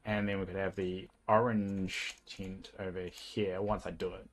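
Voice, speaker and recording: A man's voice: low-pitched, flat delivery, unhurried. A young man with a New Zealand accent, chatting casually as a livestreamer while he plays a game and thinks aloud with plenty of fillers.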